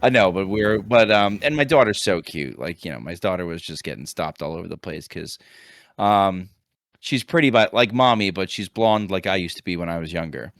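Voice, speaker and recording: A man's voice: low-pitched, moderate pace, no echo. Rambling man telling a story, dry sound. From United States. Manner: rambling animated storytelling with many restarts. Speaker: podcast co-host, high school teacher. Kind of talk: casual chat.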